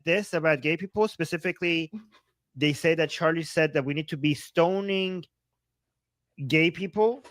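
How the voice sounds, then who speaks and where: A man speaking in a clip, explaining in a plain, slightly halting way. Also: a little high, fairly bright tone, dry recording, studio quality. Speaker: commentator in a played clip. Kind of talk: video commentary.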